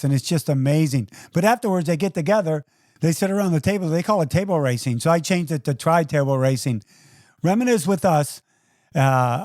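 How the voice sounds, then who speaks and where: Relaxed male podcast host, dry sound. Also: on the high side, no room sound. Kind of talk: interview hosting.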